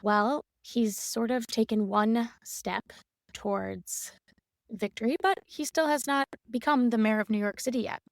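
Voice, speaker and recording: A woman's voice: on the high side, a little slow, no echo, clean studio sound. A woman with a Chicago accent co-hosting a podcast, asking questions in a casual, conversational way. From Chicago area. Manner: conversational, asks questions, short reactions. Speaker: podcast co-host. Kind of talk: casual chat, interviewer.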